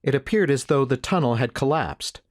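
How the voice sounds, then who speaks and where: Here a man delivers first-person audiobook narration, his pitch medium. The reading is calm, steady, and measured.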